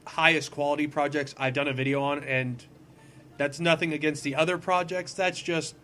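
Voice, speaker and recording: A man's voice: on the high side, fairly bright tone. A man hosting a casual let's-play, rambling and goofy and poking fun at himself while he plays a puzzle platformer. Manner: goofy, rambling, self-deprecating. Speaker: gaming video host.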